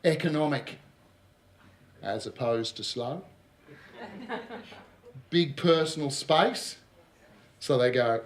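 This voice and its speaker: An Australian man runs a business workshop in front of a live audience, his voice a touch high for a man. He talks in a lively, joking way, tossing out asides. The sound carries the echo of a big room. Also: takes it slowly, long pauses. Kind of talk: workshop presentation. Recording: roomy echo of a hall.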